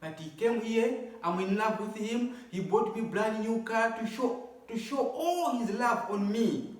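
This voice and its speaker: An overjoyed young woman gushes in disbelief, as a man retells her words in his own voice. The voice sits a touch high. It sounds distant and very echoey, as if recorded across a bare room. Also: unhurried. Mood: gushing. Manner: gushing, disbelieving. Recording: echoey room, voice away from mic.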